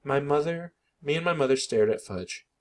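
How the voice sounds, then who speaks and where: A man reading a children's book aloud in an expressive, animated narration. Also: a little high, normal speed.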